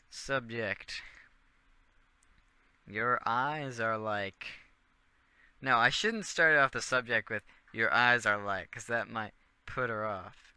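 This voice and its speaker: Bright-voiced joking young man on radio. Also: medium pitch, smooth, dry recording. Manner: joking, rambling, trailing into mumbled asides. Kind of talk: casual rambling radio chat.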